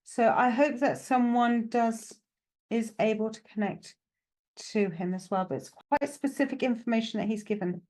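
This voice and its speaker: Woman psychic medium, chatty and reassuring, self-mocking, higher-pitched voice. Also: normal speed, a little mellow. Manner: chatty, reassuring, full of "okay" and "right" fillers; self-mocking, laughs at herself. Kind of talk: live mediumship reading, chatty.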